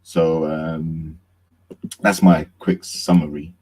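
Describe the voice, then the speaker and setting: A measured man on a panel sums up his view, pausing on fillers as he thinks. His voice is very deep. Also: flat delivery, mellow, breathy edge. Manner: measured, hesitant. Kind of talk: casual analysis.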